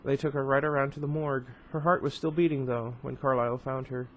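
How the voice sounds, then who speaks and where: A man reading the lines of a stubborn young woman, voicing her softly and without much change from his own voice. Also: mid-range voice, flat delivery, fast, slight background noise, natural voice, poor audio. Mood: earnest.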